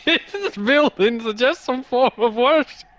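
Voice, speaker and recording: A man voicing a friendly wandering bug explorer in a put-on Scottish accent that drifts toward Irish, speaking slowly and drawn-out. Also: very high-pitched, lively intonation, a bit bright, a little hiss or hum, pitched above the performer's own voice, heavily acted. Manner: slow, drawn-out delivery, keeps laughing.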